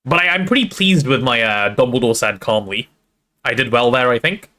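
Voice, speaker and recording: Reading a novel live to an online audience, a man narrates in a lively, storyteller's manner and chats casually with viewers between passages. He speaks in a mid-range voice at an ordinary speed.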